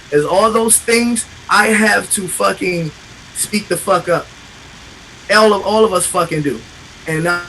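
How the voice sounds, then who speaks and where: A man's voice: sits high, bright, forceful tone, slight background noise, poor audio. A man talking in an emotional, profane casual chat as a podcast host, passionate and repetitive.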